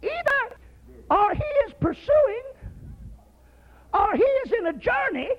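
A man preacher voicing a mocking old male prophet who loudly taunts his rivals. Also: extremely high pitch, very animated, slow pace, voice pushed up, heavily acted. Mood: taunting. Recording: slightly muffled recording.

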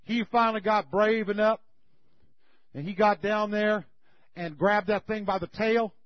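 A man preaching, retelling a Bible story in a folksy, animated way. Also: sits high, unhurried, dry recording. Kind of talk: sermon storytelling. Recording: slightly muffled recording.

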